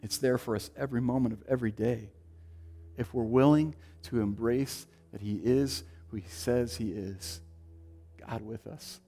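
A man preaching a sermon, swinging from loud, emphatic lines to hushed, quiet ones. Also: mid-range voice, moderate pace, soft background music. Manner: dynamic, shifting from loud to hushed. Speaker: pastor.

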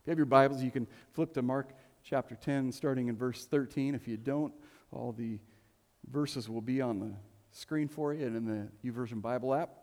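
Middle-aged male preacher, story-driven sermon with jokes, halting repeats; mid-pitched, big reverberant hall. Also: fairly even intonation, a little mellow. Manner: storytelling with humor, repeats words. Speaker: pastor. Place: church hall.

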